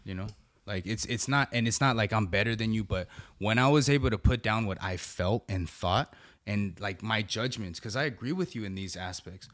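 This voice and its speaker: A man's voice: lowish voice, moderate pace, fairly bright tone. A middle-aged man, a podcast guest and preacher, talking earnestly and casually, often adding "bro" and "right?". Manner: earnest and conversational, peppers speech with "bro" and "right?". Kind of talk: casual chat.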